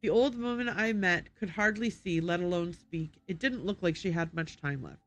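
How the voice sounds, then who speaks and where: A woman streamer reading in-game documents aloud on a livestream, careful and unhurried, stopping to correct and reread her slips. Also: fairly low pitch, fairly bright tone.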